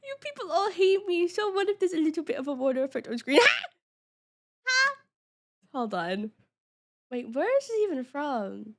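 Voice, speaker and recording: A woman's voice: high voice, sing-song, moderate pace, pauses often, a bit bright. A young woman streaming live, chatting playfully with her viewers and laughing often. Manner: giggly, playful, chatty with chat. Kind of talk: casual live-stream chat.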